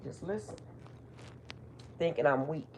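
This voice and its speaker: A woman's voice: low voice, animated, unhurried, darkish tone, a little hiss or hum. Blunt, profane middle-aged woman. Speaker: spiritual reader. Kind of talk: casual storytelling monologue.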